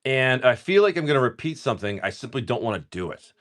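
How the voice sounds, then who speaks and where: A man's voice: medium pitch, big pitch swings, fast talker, a bit bright. A man hosting a livestream, chatting casually and profanely while opening trading card packs. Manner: laid-back, rambling and profane, lots of restarts. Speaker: card-breaking livestream host.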